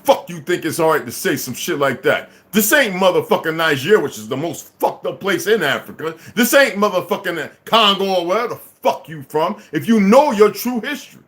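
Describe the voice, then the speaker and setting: A man's voice: sits high, lively intonation, brisk, hardly any pauses, fairly bright tone. A man in his fifties delivering a heated, profane, unscripted monologue as a vlogger.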